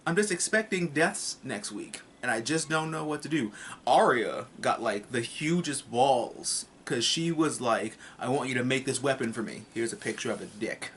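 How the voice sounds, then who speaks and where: A man's voice: mid-range voice, sharp tone, a little hiss or hum. A man casually reviewing a TV episode in a vlog, rambling, swearing and tossing in jokes. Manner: rambling and profane, with joking asides.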